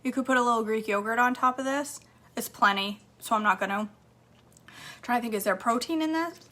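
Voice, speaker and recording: A woman's voice: on the high side, a little fast, pushed and bright. A woman vlogging casually from her home kitchen, chatting to viewers and her dog as she cooks. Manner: chatty, talks to her dog between steps. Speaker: cooking vlogger.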